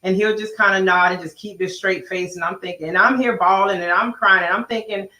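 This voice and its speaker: A middle-aged woman co-hosting a talk show, telling stories in a casual, animated way and acting out the dialogue. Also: mid-range voice, brisk, echoey room, rough recording. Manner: animated storytelling, acts out both sides of conversations. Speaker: co-host, pastor's wife. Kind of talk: casual chat.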